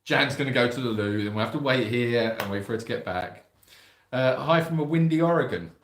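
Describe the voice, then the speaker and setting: Brief: jokey man, mid-pitched, hosting a live chat from a room with a noticeable echo. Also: a little fast, a bit bright, a little hiss or hum. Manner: chatty, jokey, reads out viewer greetings. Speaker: sanctuary co-host reading live chat. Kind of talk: casual live-stream chat. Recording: roomy echo.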